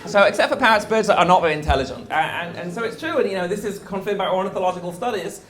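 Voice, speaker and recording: A man speaking as a guest rabbi, giving a conversational lecture and explaining things in a lively way with wry jokes. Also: high-pitched, fast, reverberant.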